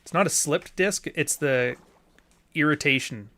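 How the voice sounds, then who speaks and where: A man's voice: on the high side, fairly bright tone. A man hosting a live stream, chatting casually with a guest, cursing freely and joking. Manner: profane, joking, quick asides. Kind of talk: casual chat.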